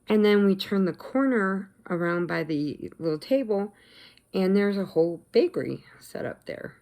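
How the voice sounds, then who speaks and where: A middle-aged woman vlogging, casually telling a story to the camera in an animated, emotional way and acting out what others said. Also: medium pitch, normal speed. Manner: animated, emotional retelling, acts out quotes, laughs often.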